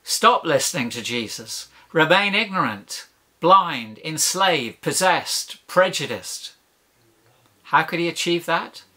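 Bright, emphatic male preacher. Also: on the high side, animated, slow. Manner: emphatic, rhetorical questions and lists. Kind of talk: sermon.

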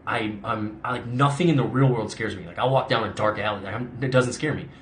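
Chatty man with a low voice. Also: fairly quick, a bit bright, a little hiss or hum. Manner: chatty, rambling, frequent "like" and restarts. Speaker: actor hosting a live Q&A. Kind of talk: casual live-stream chat.

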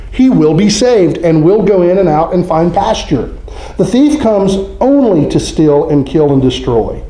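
A man preaching a sermon as pastor, joking and conversational, acting out quick mock voices. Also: high-pitched, mellow, reverberant, low-quality recording. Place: church sanctuary.

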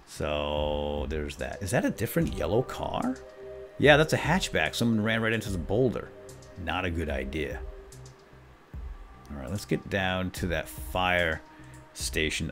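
A low-voiced man talks through his game as he plays, his pitch swinging wide as he bursts into loud yelps and then drops to a whisper. Faint music plays behind him. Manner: excitable, jumps to loud yelps; drops to whispers when sneaking. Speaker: gaming video host. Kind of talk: role-play gameplay commentary.

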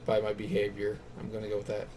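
Talking fast in a fairly low, monotone, mellow voice, a male let's play gamer reads the characters' lines in a story game and then chooses his reply. Slight background noise is present.

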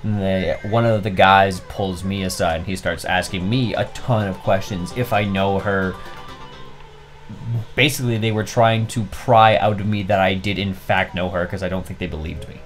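Over soft background music, a young let's play co-host with a low-pitched voice spins a long, profane story at normal speed. He's an animated teller who cusses freely while the game goes on.

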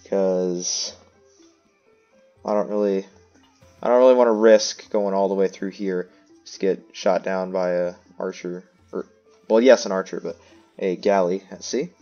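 A man talks through his strategy game in a chatty, think-aloud way, with dry self-mocking asides. His voice sits on the lower side. The recording sounds dull and lo-fi, with soft game music underneath. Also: steady tone, unhurried, pauses often. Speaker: let's play host. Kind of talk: casual gameplay commentary.

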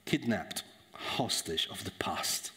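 A man preaching a sermon in a church, dramatic, swinging from loud emphasis to hushed tones. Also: low voice, animated, slow, long reverb tail, a little hiss or hum.

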